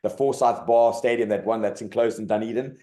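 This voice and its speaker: Low, mellow and dark in tone, a middle-aged rugby coach from South Africa talks briskly and with animated energy, filling his interview stories with "mate" and "like" in a loose, colloquial way.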